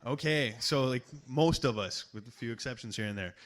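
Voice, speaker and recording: A man stands on a small bar stage and tells a joke in a folksy storyteller's way, hitting each punchline hard. His pitch sits in the middle range for a man. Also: brisk. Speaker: open-mic performer. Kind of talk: reading aloud and telling a joke.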